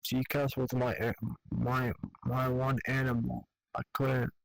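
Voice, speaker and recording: A young man telling an emotional personal story in candid, profane, halting speech over online voice chat. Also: mid-range voice, completely flat delivery, gravelly, no echo, poor audio. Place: online voice chat in a virtual world.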